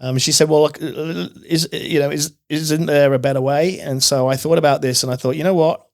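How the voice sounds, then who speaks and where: A middle-aged man telling his life story as a podcast guest, emphatic and animated, acting out his own past outbursts. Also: fairly high pitch, fairly quick. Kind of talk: testimony in casual interview.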